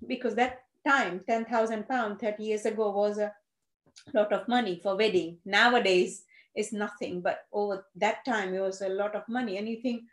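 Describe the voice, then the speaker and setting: A woman's voice: mid-range voice, fairly even intonation, normal speed. Woman, hesitant, in a roomy space. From India (Gujarat). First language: Gujarati. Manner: hesitant, many fillers and restarts. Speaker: interviewee. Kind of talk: personal storytelling. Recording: roomy echo.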